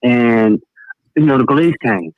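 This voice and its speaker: A man's voice: mid-range voice, animated, a little slow, no echo. A man from the American South with a Southern accent, a caller telling his police stories in a casual, profane way. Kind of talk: phone-in storytelling. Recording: dry tinny phone line.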